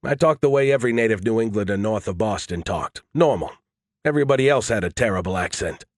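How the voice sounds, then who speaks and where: A man's voice: on the low side, expressive, quick pace, no echo, clean studio sound. Smug sarcastic AI, voiced by a man. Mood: mocking. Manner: condescending, teasing. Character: smug sarcastic male AI, mocking.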